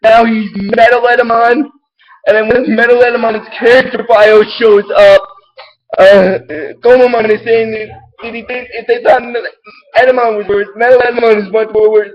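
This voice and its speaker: High-voiced man rambling excitedly. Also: moderate pace, muffled recording. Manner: rambling, excitable, many restarts, laughs at own material. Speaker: show host recapping episodes. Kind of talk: casual rambling recap.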